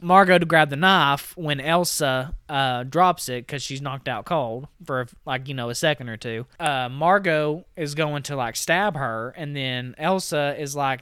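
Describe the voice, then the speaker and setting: A man co-hosting a movie podcast retells a plot in a loose, chatty way, full of "like" and "you know." His voice is bright and clear. It sits close and dry on the mic. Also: a little high, dry recording. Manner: retells scenes with quick quoted voices, many fillers. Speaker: podcast co-host. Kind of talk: casual movie recap.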